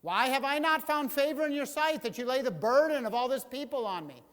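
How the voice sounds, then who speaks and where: A man preaches from the pulpit, his voice sitting high for a man. He acts out the quotes he tells with energy, and a long reverb from the sanctuary trails each phrase. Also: a little fast. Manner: animated, acting out voices in quotes. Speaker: pastor. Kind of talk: sermon. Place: church sanctuary.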